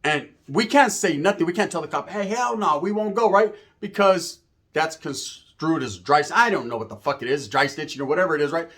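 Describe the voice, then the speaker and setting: A man's voice: on the high side, fairly quick. A man casually telling a story full of swearing and street slang, acting out the people in it and often adding "right?". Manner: profane, animated, acts out the voices of people in his story. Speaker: storyteller guest.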